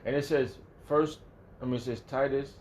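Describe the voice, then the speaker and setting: A man giving a casual Bible study talk, rambling and restarting often, emphatic and profane, with sudden loud angry outbursts. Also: mid-range voice, fairly even intonation, normal speed, a little hiss or hum. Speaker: religious teacher.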